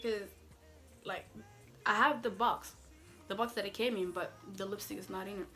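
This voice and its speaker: A woman's voice: mid-range voice, fairly even intonation, normal speed, pauses often, sharp tone, faint music behind. Sassy young woman telling a story. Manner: sassy, emphatic, full of "like" and "mm-mm". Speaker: vlogger. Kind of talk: casual storytime.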